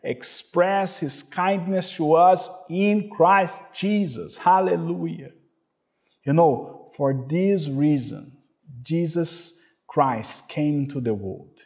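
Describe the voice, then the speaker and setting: A man's voice: on the high side, darkish tone. A man preaching a sermon as a pastor, earnest and emphatic, often saying "you know" and calling out "hallelujah".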